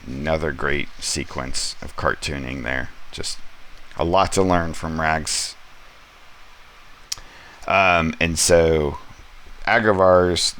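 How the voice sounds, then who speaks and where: A man's voice: very deep voice, takes it slowly, long pauses, a bit bright, a little hiss or hum. A man casually reviewing a comic book from his home studio, rambling with many ums and light character quotes. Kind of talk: casual comic review, paging through an issue.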